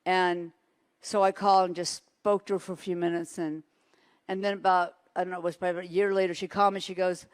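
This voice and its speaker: Animated woman preaching with dry sound. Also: on the low side, quick pace, clean tone, dry recording. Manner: animated, laughing storyteller. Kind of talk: sermon with storytelling.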